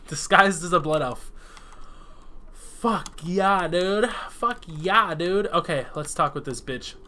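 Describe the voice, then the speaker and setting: A man giving rambling, excitable let's play commentary, swearing freely while he plays. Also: on the high side, takes it slowly. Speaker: gameplay commentator.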